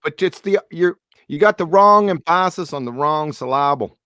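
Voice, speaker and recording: A man's voice: a little high, lively intonation, normal speed, bright, forceful tone, clear, resonant tone, no echo. Blunt, quizzing man with a dry sound. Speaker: stream host. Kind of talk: casual debate.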